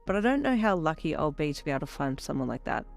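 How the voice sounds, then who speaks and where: A woman's voice: low-pitched, big pitch swings, quick pace, gravelly, soft background music, heavily acted. Woman voicing a blunt teasing best friend.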